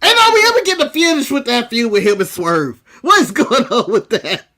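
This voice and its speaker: An American man with a very high, bright voice chats casually on a podcast. His pitch swings widely as he jokes and shares strong opinions, laughing often. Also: sing-song, a little fast. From United States. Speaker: co-host of a wrestling podcast. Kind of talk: casual chat.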